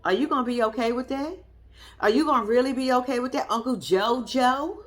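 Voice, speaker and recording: A woman's voice: sits high, fairly quick. Fired-up woman ranting about a show. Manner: blunt, profane, sassy, argues at the people she discusses. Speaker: show reviewer. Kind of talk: heated reaction commentary.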